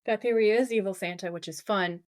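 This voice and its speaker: A woman co-hosts a podcast in casual chat, recapping a TV episode scene by scene. She acts out the characters' lines in playful, animated bursts. Her voice sits at a middling pitch. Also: brisk. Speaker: podcast co-host.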